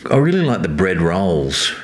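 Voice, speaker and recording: A man co-hosting a podcast, relaxed and chiming in with short remarks. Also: low voice, normal speed. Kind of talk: casual chat.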